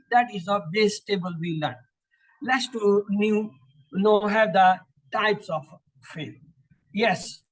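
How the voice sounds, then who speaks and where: Husky-voiced man teaching by repetition. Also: high-pitched, fairly bright tone, poor audio. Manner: drills terms, asks questions and answers them himself; slow, repetitive recitation of word patterns. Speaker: Quranic Arabic teacher. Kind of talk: classroom lesson.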